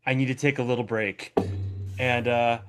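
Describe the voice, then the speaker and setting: A man's voice: medium pitch, moderate pace, over music. A man, a former co-host back as a guest, chatting casually and acting out the people in his stories. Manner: animated storyteller, acts out quotes. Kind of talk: casual chat.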